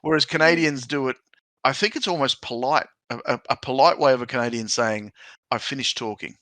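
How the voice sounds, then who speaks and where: Male podcast host, bright and forceful tone, dry close sound, chatty and joking. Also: medium pitch, a little fast, no echo. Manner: chatty, joking, repeats himself. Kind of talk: casual chat.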